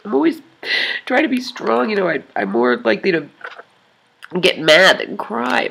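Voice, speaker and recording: A woman talking to her online club in an emotional confessional vlog, tearful and crying, rambling and halting with many sighs. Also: fairly high pitch, sing-song, vocal fry, fairly bright tone, slightly rough.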